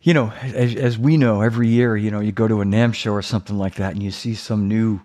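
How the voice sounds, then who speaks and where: A man's voice: lowish voice, steady tone, darkish tone. Eager man chatting about drumming. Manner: eager, agreeable, halting starts. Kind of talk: casual conversation.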